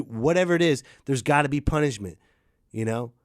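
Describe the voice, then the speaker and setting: A man's voice: medium pitch, a little fast, no room sound, clean studio sound. A man ranting crudely and animatedly about parenting, now and then mocking others in put-on voices. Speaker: podcast host. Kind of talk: ranting monologue.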